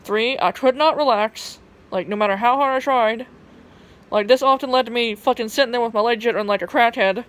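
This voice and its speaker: A woman's voice: a little high, brisk. A young woman with a Southern US twang, casually telling a personal story to her phone camera, rambling and profane, with lots of fillers and restarts. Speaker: vlogger.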